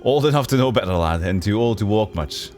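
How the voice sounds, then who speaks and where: A man's voice: fairly low pitch, animated, brisk, a little mellow, faint music behind, lightly acted. A man voicing a friendly old retired male city guard with a Scottish accent, chatty and folksy in an old-timey way. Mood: wistful.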